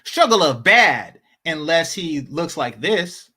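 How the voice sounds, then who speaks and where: Man, high voice, lively swings in pitch, sarcastic commentary, repeats himself. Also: slow pace, slightly rough. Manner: sarcastic, repeats points for emphasis. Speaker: commentary channel host. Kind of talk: casual video commentary.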